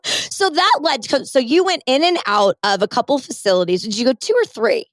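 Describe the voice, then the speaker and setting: A woman's voice: high-pitched, expressive, fairly quick, dry recording, clean studio sound. A woman hosting a podcast interview, joking and blunt, with casual swearing. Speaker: podcast host.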